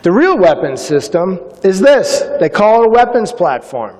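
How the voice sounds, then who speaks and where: A man's voice: high voice, normal speed. A middle-aged man from Massachusetts giving a keynote talk, telling personal stories with energy and acting out quotes. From Massachusetts, USA. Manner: energetic storytelling with acted-out quotes. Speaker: keynote speaker. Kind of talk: motivational speech with personal stories. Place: conference hall, on stage. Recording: long hall reverb.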